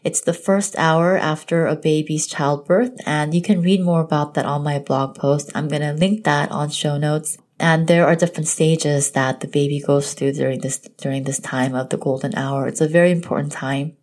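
A woman's voice: deep voice, steady tone, moderate pace, hardly any pauses, a little mellow. A young woman telling a personal story in an earnest, emotional way, with lots of casual fillers. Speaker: podcast host telling her birth story.

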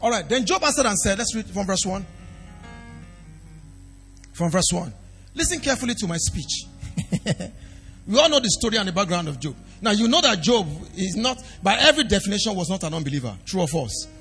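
A man preaching a sermon as pastor, swinging from quiet asides to shouted emphasis. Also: sits high, sing-song, brisk, pauses often. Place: church hall. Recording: long reverb of a hall with faint music.

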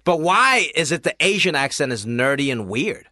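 Male podcast guest, very bright and lively, emphatic and joking. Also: on the high side, moderate pace, dry recording, studio quality. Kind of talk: casual conversation.

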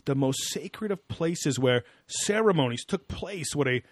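A man imitating an excited male TV documentary presenter, speaking slowly with an awed, dramatic delivery. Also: a little high, dry recording.

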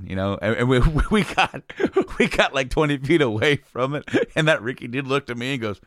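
A man's voice: medium pitch, lively intonation, brisk, fairly bright tone, dry recording, clean studio sound. A man telling a casual, rambling story, laughing often and swearing freely.

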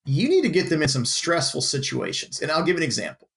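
A man, a firefighter, talking casually on a podcast in animated bursts with frequent restarts. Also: fairly high pitch, fast, creaky. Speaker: firefighter guest.

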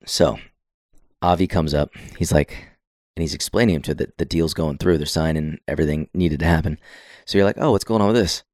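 A man's voice: a bass voice, fairly even intonation, a little fast, darkish tone, no echo, studio quality. A man casually recapping a film scene by scene with plenty of swearing, acting out the characters' lines. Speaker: podcast co-host recapping a film. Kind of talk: casual chat.

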